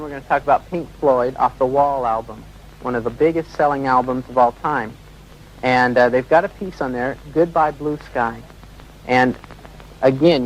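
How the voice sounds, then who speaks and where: A man's voice: mid-range voice, a little hiss or hum, poor audio. A man working as a radio DJ, explaining on air and talking listeners through audio clips.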